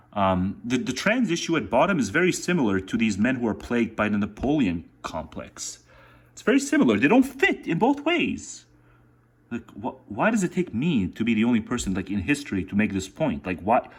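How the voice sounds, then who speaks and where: A man's voice: mid-range voice, sing-song, fairly quick, slightly rough. A man vlogging in a casual, meandering way, full of filler words, talking while making dinner. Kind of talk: casual rambling monologue.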